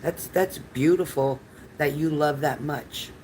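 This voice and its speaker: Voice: medium pitch, takes it slowly, a little mellow, slight background noise, low-quality recording. An older tarot reader giving live readings to chat viewers in a chatty, rambling, reassuring manner.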